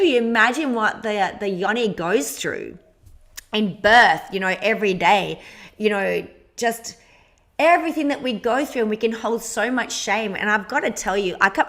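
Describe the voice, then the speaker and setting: A woman co-hosting a podcast interview, talking in an animated, candid way and swearing freely. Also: mid-range voice. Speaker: podcast co-host. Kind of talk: casual conversational interview.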